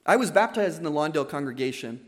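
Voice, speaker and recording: A man's voice: fairly high pitch, lively intonation, quick pace. A man preaching a wedding sermon as the officiating minister, earnest and emphatic, often repeating his key phrases. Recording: long hall reverb.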